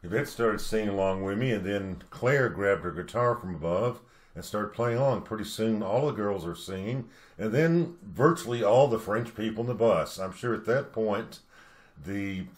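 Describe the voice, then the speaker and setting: Older guy from the us southeast telling an old travel memory, lowish voice, easygoing. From Southeastern United States. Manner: reflective, unhurried storytelling. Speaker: narrator. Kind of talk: narrated personal memoir.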